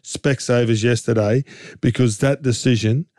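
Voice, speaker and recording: An Australian man co-hosting a casual sports chat, animated and jokey, rambling through his points with restarts and rhetorical questions. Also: medium pitch, normal speed, no echo, studio quality. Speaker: co-host and game commentator.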